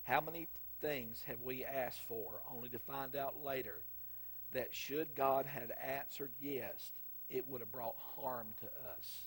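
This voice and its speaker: A man's voice: medium pitch, unhurried, husky. A middle-aged man with a Southern US accent preaching a sermon, telling folksy stories with sudden emphatic bursts. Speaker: pastor.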